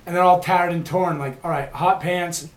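A man's voice: high voice, steady tone, moderate pace. A man co-hosts a casual talk show and rambles through anecdotes. He talks in an easygoing, chatty way. He often laughs as he tells his stories. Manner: rambling anecdotes, laughs often, mimics other people's voices. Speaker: podcast co-host. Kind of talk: casual storytelling.

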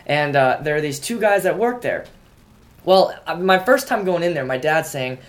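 A man co-hosting a casual podcast, joking and telling stories with big swings in his voice. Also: moderate pace. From Pittsburgh area. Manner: joking, tells stories with lively swings in pitch. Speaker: podcast co-host. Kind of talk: casual banter.

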